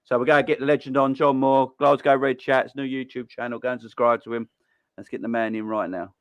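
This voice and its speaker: A man hosting a football call-in live stream, excitable and slangy, laughing often between lines. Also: mid-range voice, brisk, dry recording, muffled recording. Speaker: host of a football call-in show. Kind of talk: casual live-stream chat.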